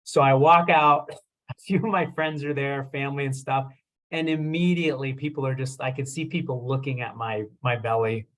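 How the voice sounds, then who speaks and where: A man's voice: medium pitch, fairly even intonation, moderate pace, a bit bright. A young man, a chiropractor, giving a casual talk and telling a self-deprecating story with lots of fillers. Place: presentation with slides.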